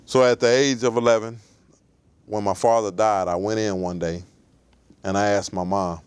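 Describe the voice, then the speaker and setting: A man in his forties, a guest in an interview, telling his life story in a measured, reflective way. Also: on the low side, steady tone, smooth, no echo.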